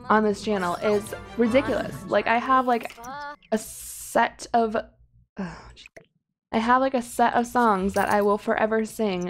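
A woman's voice: mid-range voice, creaky, slight background noise. A young woman chatting casually over her gameplay, rambling and giggling at her own asides. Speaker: gaming YouTuber.

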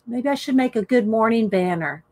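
A woman's voice: on the high side, lively intonation, moderate pace, a little mellow. A middle-aged woman hosting a casual live art stream, chatting and greeting viewers by name. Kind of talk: casual live-stream chat while coloring.

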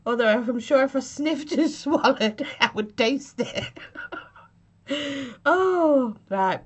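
A woman's voice: fairly high pitch, lively intonation, slow pace. Chatty woman reviewing vape flavours. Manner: chatty, giggly, self-mocking. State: recovering from a chest infection, coughing. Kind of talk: casual review vlog.

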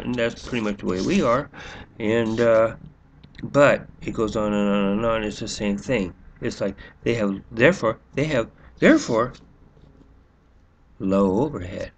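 A man's voice: fairly low pitch, a little slow, slight background noise. A man rambling through a sarcastic monologue, full of restarts and fillers. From United States. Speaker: vlogger.

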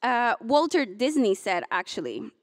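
A woman's voice: on the high side, very animated, measured pace, no room sound, studio quality. A young woman in her twenties, a graduating student, giving a commencement speech and moving between heartfelt, tearful moments and playful jokes. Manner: emotional, chokes up and laughs through tears, then jokes with the crowd. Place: hotel ballroom.

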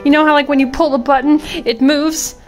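Vlogger, woman, high voice, gushing and excitable, music underneath. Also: a little fast. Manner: excitable, gushing, repeats exclamations. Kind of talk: casual vlog chat. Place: hotel room. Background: background music.

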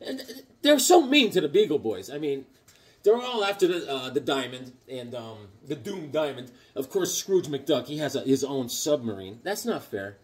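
A man's voice: mid-range voice, very animated, moderate pace. A middle-aged man chatting casually about his comic book finds, rambling and joking with silly voices in his stories. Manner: rambling, jokey, puts on silly voices in anecdotes. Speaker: comic book collector vlogger. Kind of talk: casual show-and-tell chat.

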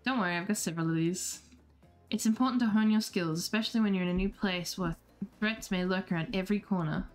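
A woman's voice: medium pitch, fast talker, faint music behind, close to an everyday voice. A woman voicing a shy, grim masked female hatchet killer from a dating game, reading the lines in her own plain voice with no accent.

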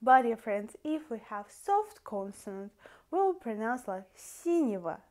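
A woman with a Russian accent teaching a language lesson, calling her viewers "dear friends" and sounding out word endings slowly and carefully. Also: on the high side, very animated, darkish tone.

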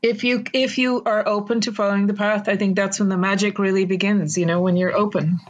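A woman's voice: medium pitch, fairly even intonation, a little fast, lo-fi sound. A woman hosting an interview, reacting with enthusiastic interjections and questions. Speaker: podcast host. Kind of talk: casual interview.

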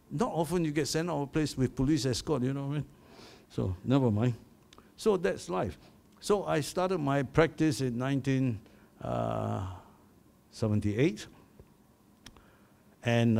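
Older Malaysian man, gravelly voice, mid pitch; storytelling award speech. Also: a little mellow. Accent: Malaysian English. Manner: storytelling, chuckling at his own anecdotes. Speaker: award recipient giving speech. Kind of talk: anecdotal acceptance speech.

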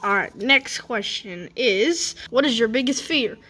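A woman's voice: a little high, animated, unhurried, fairly bright tone. Spring Bonnie, a woman voicing a flustered rabbit interviewer. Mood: fussy. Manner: hesitant, lots of fillers. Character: animatronic rabbit interviewer, fussy, easily flustered. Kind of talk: toy skit role-play.

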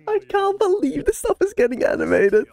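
A woman hosting an anime reaction video, excitable and gushing, breaking into laughter between exclamations. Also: extremely high pitch, moderate pace.

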